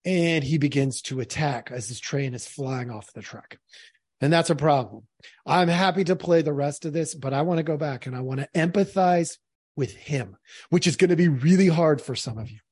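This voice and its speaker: A man's voice: on the high side, moderate pace, darkish tone, breathy edge, dry recording, clean studio sound. A man commenting earnestly on a played clip, speaking directly to his audience. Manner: earnest, addresses the audience as folks.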